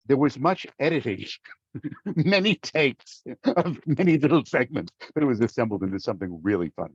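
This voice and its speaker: A man's voice: mid-range voice, expressive, normal speed, breathy edge, no echo. Middle-aged male voice actor, theatrical storyteller; dry, dull remote sound. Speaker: voice actor, guest. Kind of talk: casual interview talk.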